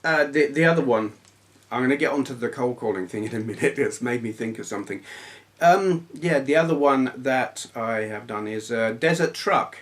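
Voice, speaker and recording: A man's voice: medium pitch, normal speed. Blunt man rambling on camera. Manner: blunt, grumbly storytelling with swearing. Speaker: retro gaming YouTuber. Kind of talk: casual rambling vlog chat.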